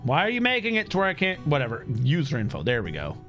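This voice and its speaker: A man's voice: a little high, huge pitch swings, fast, a bit bright, soft background music. A man streaming a game, talking to himself in a casual, muttering way and humming now and then. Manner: talks to himself while playing, muttering and humming. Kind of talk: casual gameplay commentary.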